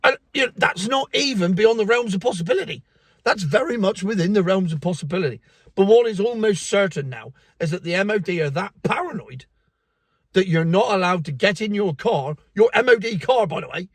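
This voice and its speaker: A fairly high-voiced man rants in a casual vlog, sarcastic and pleased with himself. He has a cold that breaks through as coughing. The sound is dry and close, with no room around it. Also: expressive, brisk, slightly rough, no echo. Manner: sarcastic, mocking, self-satisfied. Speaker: vlogger.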